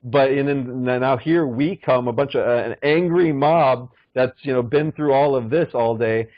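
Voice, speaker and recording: A man rambles through a story in a loose, profane way, padding nearly every phrase with fillers. His voice sits at an ordinary middle pitch, heard dry and close with little room sound. The recording is dull and lo-fi. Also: moderate pace, no echo. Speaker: podcast guest. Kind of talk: casual storytelling.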